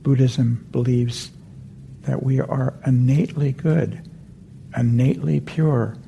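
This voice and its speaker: A male meditation teacher talks gently in a deep-toned, gravelly, mellow voice, meandering and correcting himself as he goes. Faint noise sits under the talk in the hall. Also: fairly even intonation, slow. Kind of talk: dharma talk with a story.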